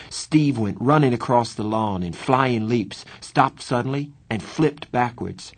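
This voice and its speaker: A man narrating a novel aloud in the first person, with a low, husky voice. He tells the story in a plain, steady way. His reading stays even and unhurried. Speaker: audiobook narrator.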